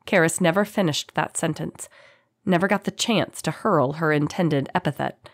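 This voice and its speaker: A woman narrating a fantasy audiobook in a dramatic, expressive reading. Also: low voice, normal speed, breathy edge, dry recording, clean studio sound.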